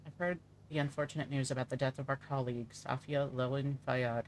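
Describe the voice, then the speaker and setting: A male streamer reads a game's dialogue aloud in a plain, steady way. His pitch sits in an ordinary middle range, and a faint hum runs underneath. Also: fairly quick, low-quality recording. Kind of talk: reading game dialogue aloud.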